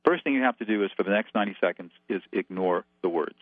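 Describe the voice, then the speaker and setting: A man's voice: lowish voice, quick pace, no room sound. A man as a guest expert, calling in and laying out numbered steps in a methodical, instructive way over a tinny phone line. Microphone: telephone.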